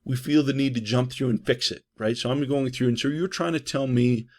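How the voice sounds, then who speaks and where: Gravelly-voiced man giving a training lecture. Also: medium pitch, steady tone, a little fast, a little mellow. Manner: conversational, frequent "right?" and "uh" fillers. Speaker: trauma trainer.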